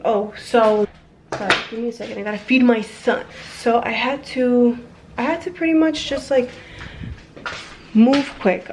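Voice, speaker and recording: Young woman, unhurried speech, frank and rambling, home phone vlog, swears casually. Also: fairly high pitch, noisy background. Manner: rambling with fillers and self-corrections. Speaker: vlogger. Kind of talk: candid personal vlog.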